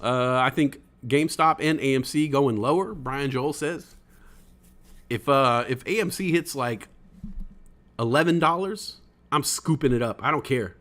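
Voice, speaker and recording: A man of ordinary middle pitch hosts a loose livestream podcast. He rambles through chat comments, excitable and self-deprecating, with casual swearing. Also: measured pace. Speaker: podcast host reading live chat.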